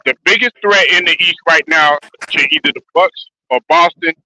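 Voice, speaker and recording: A man arguing loudly and profanely in a heated sports debate. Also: fairly high pitch, normal speed, poor audio. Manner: loud, argumentative, profane. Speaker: podcast co-host.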